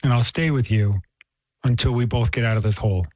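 A man voicing a loyal friend who calmly promises to stay until they both get out. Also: mid-range voice, fairly quick, dry recording, dull audio, close to an everyday voice. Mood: reassuring. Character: calm loyal male friend who knows the way out.

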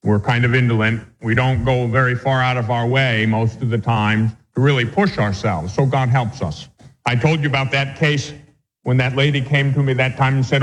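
A man's voice: mid-range voice, steady tone, normal speed. A male Catholic priest teaching a catechism class, reading definitions aloud and then explaining them with homely examples. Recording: long hall reverb.

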